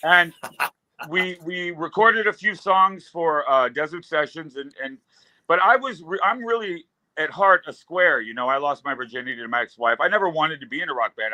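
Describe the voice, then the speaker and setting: A man's voice: on the high side, pushed and bright, no room sound, rough recording. A man in his fifties, a guest musician, telling rambling stories with loose fillers in casual talk. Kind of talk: casual storytelling.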